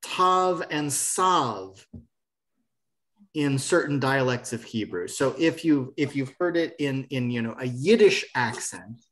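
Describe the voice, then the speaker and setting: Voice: mid-range voice, normal speed, few pauses, slight background noise. Patient online Hebrew teacher. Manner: patient, encouraging corrections. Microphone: video call.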